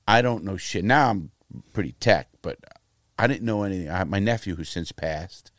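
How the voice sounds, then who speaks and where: Recorded dry with studio quality, a low-pitched American man in middle age talks at a normal speed about his life. He's blunt and profane, telling stories casually and performing the characters in them with animated quoted voices.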